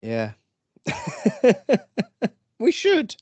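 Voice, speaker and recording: A man with a high-pitched voice talks extremely slowly on a dry, muffled recording. He co-hosts a casual podcast chat, animated and jokey, often stammering into restarts and slipping into silly put-on voices.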